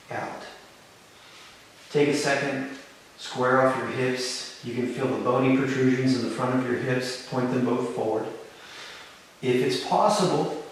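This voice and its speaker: A man leads a yoga class with calm, encouraging step-by-step cues. His mid-range voice rings around a very reverberant studio. He sits well back from the mic, with a faint hiss underneath. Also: medium pitch, recorded from a distance. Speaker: yoga instructor. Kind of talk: live yoga class instruction.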